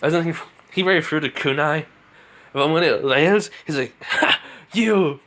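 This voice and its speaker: A man's voice: fairly high pitch, brisk, a bit bright. A man casually telling a homemade fan story, rambling and chuckling as he goes.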